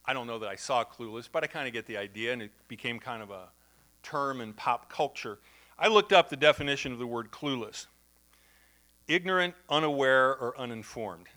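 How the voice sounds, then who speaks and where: A man's voice: mid-range voice, brisk, fairly bright tone. A middle-aged man, who may be a pastor, giving a conversational sermon, telling stories and acting out the voices of the people in them. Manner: conversational, anecdotal, acts out quoted voices. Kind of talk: sermon storytelling.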